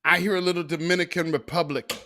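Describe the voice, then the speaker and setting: A show host with a fairly high, fairly even voice comments casually on news clips at a fast clip, his tone sharp. He laughs often, trails off and restarts, and riffs on his own asides.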